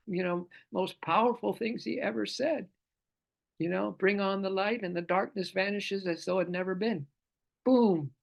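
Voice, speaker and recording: Gravelly, playful spiritual class teacher, man. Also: sits high. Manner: loose, playful, laughs often, repeats phrases. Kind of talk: live online scripture class talk.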